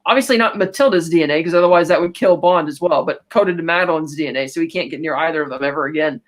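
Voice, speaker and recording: A podcast co-host retelling a film in casual chat, rambling and stopping often to quote lines in passing. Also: medium pitch. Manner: rambling, retells scenes with quick quoted asides.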